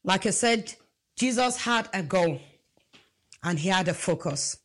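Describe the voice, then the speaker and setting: A woman's voice: medium pitch, very animated, unhurried, pauses often, a bit bright. A woman preaching a sermon, emphatic and asking the congregation rhetorical questions.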